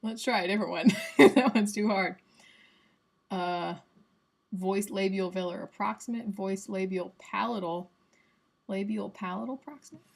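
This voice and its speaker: A woman's voice: mid-range voice, steady tone, normal speed, gravelly, pauses often. Chatty Southern US woman teaching sounds. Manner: chatty and playful, demonstrating sounds aloud. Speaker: streamer teaching phonetics. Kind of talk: casual livestream lesson.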